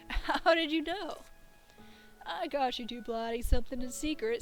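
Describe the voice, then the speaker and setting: A woman's voice: sits high, moderate pace, soft background music, poor audio. A woman streamer reading the dialogue of a cozy video game aloud in an easy, playful tone. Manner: reads lines in an easy, playful tone, breaking off with giggles.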